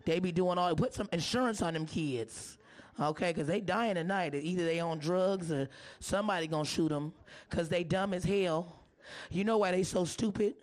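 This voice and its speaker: A woman comedian performs a live stand-up set in a hoarse, lowish voice with a darkish tone and normal pacing. Brash and profane, she teases the audience.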